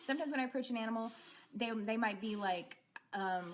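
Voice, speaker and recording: A woman's voice: fairly high pitch, fairly quick, a little hiss or hum. Chatty woman teaching a casual class. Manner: rambling, many fillers and restarts. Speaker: animal communicator teacher.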